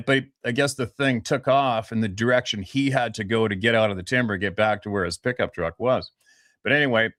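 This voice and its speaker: Interview guest, male, 50s, from Vancouver Island; blunt and profane, animated storyteller, dry sound. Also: lowish voice, no room sound. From Vancouver Island, Canada.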